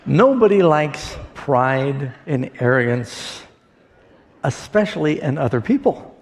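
A man's voice: mid-range voice, expressive. Pastor guy preaching, folksy storyteller, lots of um and uh, big church reverb. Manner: folksy storytelling with pauses and fillers. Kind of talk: sermon. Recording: long hall reverb.

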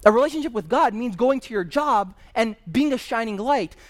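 A man's voice: very high-pitched, expressive, a little fast. A male pastor preaching a sermon in a conversational storytelling manner, with personal asides.

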